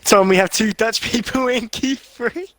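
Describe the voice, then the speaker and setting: A young man co-commentating an online racing league, animated and emotional, crying out at big moments. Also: very high voice, measured pace, no echo.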